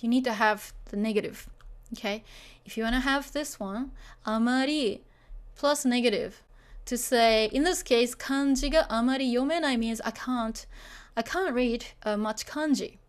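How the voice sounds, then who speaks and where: A woman's voice: on the high side, moderate pace. A woman teaching a beginner Japanese lesson, chatty and full of fillers, often checking that the learners follow.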